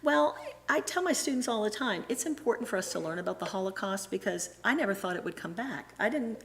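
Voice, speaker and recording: A middle-aged woman giving a casual, animated church talk, acting out the voices of people she quotes and often restarting her sentences. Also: medium pitch, a little fast, slight background noise. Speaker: church presenter and Sunday school teacher.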